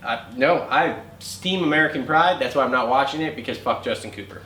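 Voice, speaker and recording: A man's voice: medium pitch, fairly quick, pushed and bright. Blunt man in an echoey room. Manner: blunt, dry, curt. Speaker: podcast co-host. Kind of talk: casual chat. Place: home studio. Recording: echoey room with faint noise.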